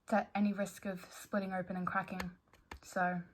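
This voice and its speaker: A young woman talks through her night routine at home, chatty and playful. She pokes fun at herself, and her pitch sits in an ordinary middle range. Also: little pitch movement, normal speed, slight background noise. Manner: chatty, playful, self-mocking. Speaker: vlogger. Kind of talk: casual vlog narration. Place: bedroom at home.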